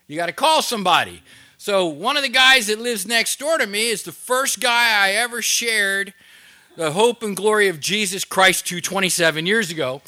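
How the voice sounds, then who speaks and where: A man's voice: sits high, pushed and bright. A middle-aged man telling a story in a sermon to a recovery group, acting out the dialogue. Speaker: recovery ministry teacher.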